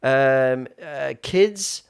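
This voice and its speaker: A young British man co-hosting a podcast, chatting in an animated, hesitant way. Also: medium pitch, very slow, gravelly, smooth. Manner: animated, hesitant, many fillers and restarts. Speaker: podcast co-host. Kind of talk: casual chat.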